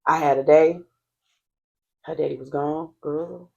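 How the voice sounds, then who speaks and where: A woman's voice: low-pitched, steady tone, unhurried, gravelly, mellow, muffled recording. A young woman on a podcast telling a candid personal story, blunt and full of slang and swearing. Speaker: podcast guest. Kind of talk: casual chat.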